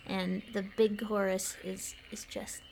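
A Colorado woman co-hosts a podcast, telling stories in a chatty, giggly, animated way during casual conversation. Her medium-pitched voice is gravelly and slow, with a little hiss or hum in the background.

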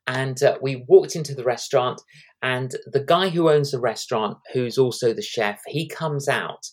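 Animated older male evangelist telling stories. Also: medium pitch, moderate pace. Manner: animated anecdotes with acted-out quotes. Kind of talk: storytelling guest in an interview.

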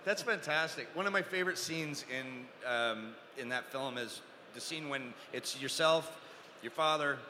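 A man's voice: mid-range voice, a little slow, pushed and bright. A man hosting a Q&A panel on a convention stage, enthusiastic and laughing as he asks his questions. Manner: enthusiastic, laughs while asking. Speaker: panel host. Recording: echoey hall with long reverb and faint noise.

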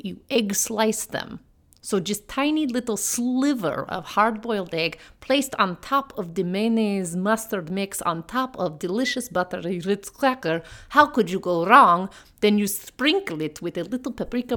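A woman's voice: medium pitch, fairly bright tone. A woman hamming up a mock Russian cook with a fake accent. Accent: exaggerated fake Russian. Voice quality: broken grammar, dropped articles. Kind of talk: comedy bit.

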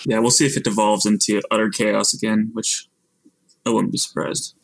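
A man's voice: on the low side, little pitch movement, normal speed, gravelly, dry recording, low-quality recording. A man co-hosting a podcast, talking in a laid-back, offhand way with lots of hedging. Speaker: podcast co-host. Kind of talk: casual chat.

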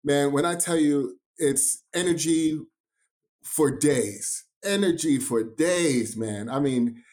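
A man's voice: fairly high pitch, slow, a little mellow. A man from New York, a drumline instructor, telling his story as a guest in a casual podcast interview with enthusiastic emphasis.

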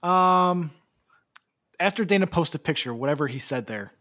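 A podcast host leading a casual chat about a film, with relaxed, hesitant phrasing. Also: mid-range voice, normal speed.

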